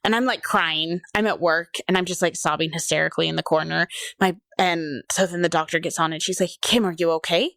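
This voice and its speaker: A woman in her thirties talks openly through a personal story in casual podcast chat, slipping into the voices of the people she quotes. Her voice sits a little low, and the recording is dry and close. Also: fairly even intonation, brisk, vocal fry, hardly any pauses, a bit bright, dry recording. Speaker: podcast co-host.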